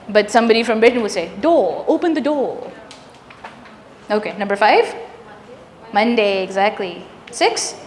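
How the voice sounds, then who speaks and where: Patient woman trainer in an echoey hall. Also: fairly high pitch. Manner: clear, patient, drills sounds slowly and quizzes the room. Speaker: workshop trainer. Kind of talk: live teacher workshop. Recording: roomy hall reverb, faint ambience.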